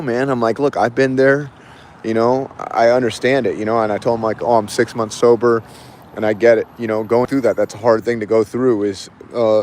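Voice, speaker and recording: A man's voice: medium pitch, fairly even intonation, normal speed, a little mellow, a little hiss or hum. A man livestreaming, casually telling a long story in a rambling way, full of "like" and repeated phrases. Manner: rambling, repeats himself, lots of "like".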